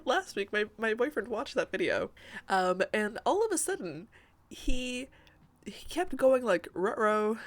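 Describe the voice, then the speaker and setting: Young woman, casual rambling voice-over, giggly, fillers, home mic. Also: fairly high pitch. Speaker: Sims builder and YouTuber. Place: home room by day.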